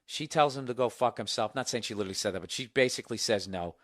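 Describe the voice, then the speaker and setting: A man's voice: medium pitch, quick pace, fairly bright tone. Profane, ranting male podcast host. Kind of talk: comedic storytelling monologue.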